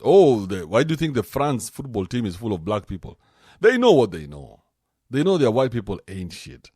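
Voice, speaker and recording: A man hosting a podcast, talking in a casual, joking rant with an animated manner. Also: medium pitch, moderate pace, slightly rough, no room sound, studio quality. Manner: animated, joking, swings into mocking put-on voices. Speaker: podcast host.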